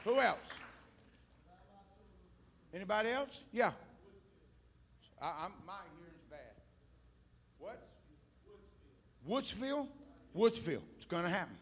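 High, bright-voiced preaching evangelist. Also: male voice, very animated, slow pace, pauses often. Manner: loud, swings between shouting and quiet coaxing, call-and-response with the congregation. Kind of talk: fervent preaching at an altar call. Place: church service before a congregation.

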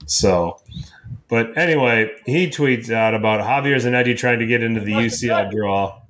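A man's voice: mid-range voice, normal speed, fairly bright tone, slight background noise. A man co-hosting a casual podcast, teasing friends and telling stories. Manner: teasing, tells anecdotes. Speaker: podcast co-host. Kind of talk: casual chat.

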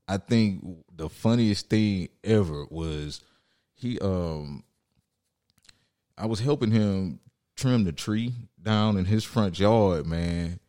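A man's voice: deep voice, slow. A young adult man in casual chat, telling stories and acting out what people said. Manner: animated storyteller, acts out quotes.

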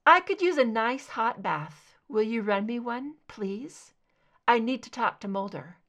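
A woman reading aloud, voicing a weary, composed female FBI agent who talks calmly and directly. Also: a little high, a little slow.

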